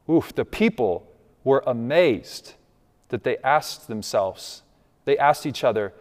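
Pastor guy preaching, really animated up and down, chatty, long church-hall echo. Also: medium pitch, slow pace. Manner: conversational, asks the congregation "right?". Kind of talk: sermon. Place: church sanctuary. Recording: long reverb of a large hall.

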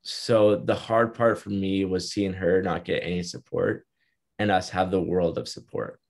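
A man's voice: low-pitched, a little slow, vocal fry, a little mellow. A young man telling his story as an interview guest, in an earnest, reflective way. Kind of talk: casual interview.

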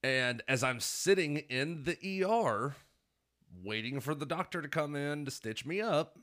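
A man's voice: a little high, animated, measured pace, fairly bright tone. A man hosting a podcast, telling stories in rambling, profane casual chat and laughing often. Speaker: podcast host.

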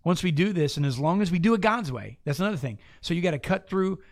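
A man hosting a casual faith talk, preaching with animated, playful asides. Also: high-pitched, fast, no echo, clean studio sound. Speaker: podcast host and preacher.

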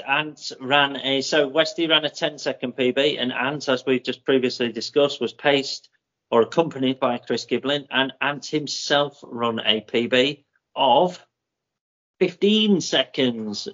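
A man co-hosting a running podcast, working through race results in a steady, methodical way with plenty of ums. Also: mid-range voice. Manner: methodical, with many ums and drawn-out names. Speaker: podcast co-host. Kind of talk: casual chat, reading out running results. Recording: muffled lo-fi audio.

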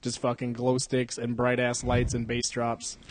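A foul-mouthed podcast host rambles through stories in a mid-range voice, cursing constantly and breaking into laughter. The studio mic is close and dry, with no room sound at all. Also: male voice, mid-range voice, monotone, measured pace, no room sound. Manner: profane, laughs often, mimics voices in quotes. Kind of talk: casual podcast chat. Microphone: studio condenser mic.

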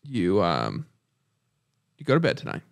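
A man's voice: sits low, wildly swooping pitch, measured pace, gravelly. A man hosting a podcast who guides a guest through a playful scenario, asking questions and chuckling. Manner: guiding, quizzing and chuckling. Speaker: podcast host. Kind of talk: casual podcast chat.

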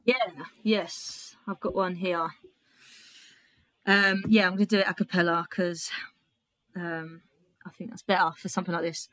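A woman's voice: lowish voice, little pitch movement, moderate pace, pauses often, a bit bright, no room sound. A young British woman, a comedian and poet, telling a story casually with swearing and laughter, then reading a poem aloud. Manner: chatty, swears freely, laughs between lines.

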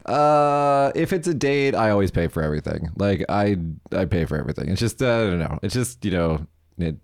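Lively low-voiced man chatting. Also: brisk. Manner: animated, acts out voices in quotes, laughs often. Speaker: podcast co-host. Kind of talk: casual chat. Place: lives in Japan.

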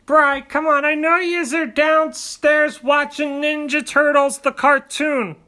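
A man's voice: very high-pitched, flat delivery, slow, noisy background. A man voicing a rambling middle-aged stepdad who keeps pleading down the stairs with his stepson. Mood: nagging. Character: nagging middle-aged blue-collar stepdad.

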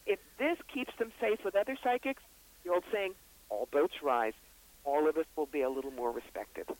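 A man with a brisk, wry storytelling manner, the psychic author and reverend being interviewed on a radio show. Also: on the high side, expressive, low-quality recording. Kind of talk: interview guest.

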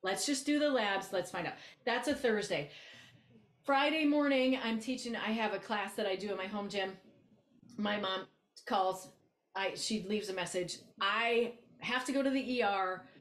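A woman co-hosting a podcast, telling a story in casual chat, blunt and animated, acting out both sides of a conversation. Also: medium pitch, moderate pace, reverberant. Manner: animated, blunt, acts out quoted exchanges. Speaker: podcast co-host, coach.

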